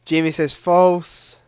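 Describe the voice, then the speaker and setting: A man's voice: on the high side, darkish tone, clear, resonant tone, no room sound, clean studio sound. A young man hosting a live-streamed quiz, chatting casually into a headset mic and reading questions aloud with a ready laugh. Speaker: livestream quiz host.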